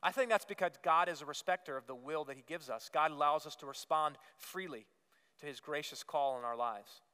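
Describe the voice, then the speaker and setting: A man's voice: a little high, fairly quick, pushed and bright, clear, resonant tone. Earnest male pastor preaching in a reverberant hall. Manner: earnest preaching with repetitions and emphatic rises. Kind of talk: sermon. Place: church sanctuary. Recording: long reverb of a church hall.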